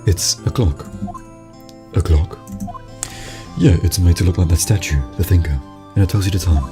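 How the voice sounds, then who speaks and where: A man voicing a calm, caring older sister who works as a lawyer, speaking gently. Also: low voice, moderate pace, music in the background, lightly acted. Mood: gentle.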